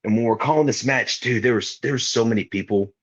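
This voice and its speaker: Speaking fast in a medium-pitched, slightly rough voice, a young man on a podcast spins casual stories. He's a wrestler guest, animated and slangy, acting out quotes; the recording is muffled.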